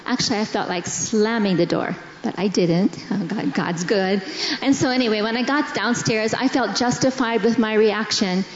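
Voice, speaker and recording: Slow, earnest woman in an echoey hall. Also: medium pitch, a little hiss or hum. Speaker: pastor's wife sharing testimony. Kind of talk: personal testimony in church. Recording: echoey hall, dull sound.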